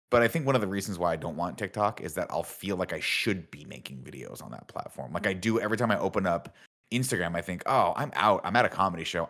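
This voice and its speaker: A man's voice: deep voice, a bit bright. A man co-hosting a podcast in casual chat, rambling and swearing, laughing often. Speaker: podcast co-host.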